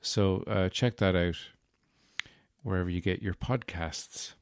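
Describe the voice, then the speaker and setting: A man's voice: sits low, a little slow, clean tone, no room sound, clean studio sound. A man hosting a solo podcast, rambling through a casual, jokey chat with the odd swear. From Ireland. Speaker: podcast host.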